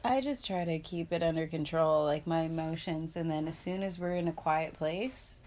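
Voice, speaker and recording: A woman's voice: low-pitched, normal speed, a little mellow. A woman, a mother, chatting casually and candidly, laughing often and acting out quoted lines. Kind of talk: casual chat.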